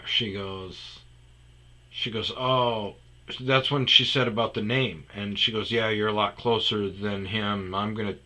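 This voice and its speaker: A man's voice: fairly low pitch, sharp tone. A man telling a rambling comedic story about a phone call, often dropping into muttered asides. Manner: rambling, restarts, drops to muttered whispers.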